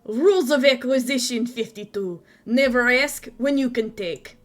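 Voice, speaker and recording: A woman's voice: fairly high pitch, lively intonation, measured pace. A woman doing a tiny cocky borrower man. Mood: smug. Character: tiny scrappy male borrower thief, brash.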